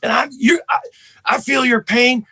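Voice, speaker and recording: A man doing a comic impression of a raspy elderly male politician, mawkish and self-pitying, pleading with exaggerated sympathy. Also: extremely high pitch, steady tone, moderate pace, sharp tone, pitched above the performer's own voice, heavily acted. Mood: mock heartfelt.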